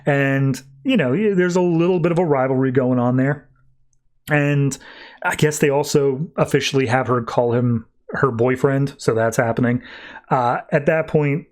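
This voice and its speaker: A man with a medium-pitched voice casually recaps a comic book on a podcast. He talks in a loose, chatty way, full of fillers and little asides. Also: unhurried. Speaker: podcast host.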